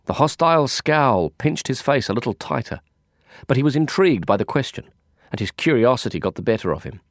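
A man's voice: medium pitch, expressive, a little fast. A man reads a first-person novel in a wry, descriptive way, his voice moving freely up and down through each sentence. The recording is close and dry from a studio microphone, with no room echo. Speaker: audiobook narrator. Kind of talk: first-person audiobook narration.

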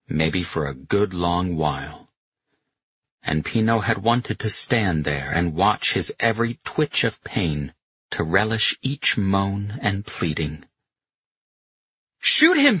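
A man narrating an audiobook in a measured, dramatic way. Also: low voice, a bit bright, breathy edge, dry recording. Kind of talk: scripted narration. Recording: slightly muffled dry recording.

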